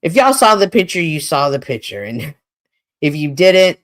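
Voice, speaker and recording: A woman hosting her own livestream, speaking from a home streaming setup. Her voice sits on the lower side but swings widely in pitch. She is animated and expressive, and laughs often as she talks. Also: moderate pace. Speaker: livestream host. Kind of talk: casual livestream monologue.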